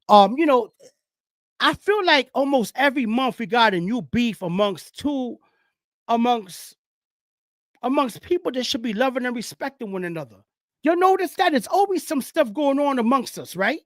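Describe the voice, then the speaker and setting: A man from the Bronx with a New York accent, hosting a casual live-stream sports talk, rambling and animated, with loud street slang. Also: very high-pitched, moderate pace, no room sound, studio quality.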